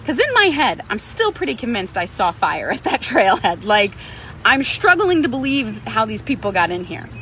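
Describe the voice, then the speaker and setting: Pilates instructor, woman, higher register, conversational storyteller who voices the people in her story. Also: very animated, moderate pace, fairly bright tone, slight background noise. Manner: conversational, acts out other people's lines. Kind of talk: personal storytelling.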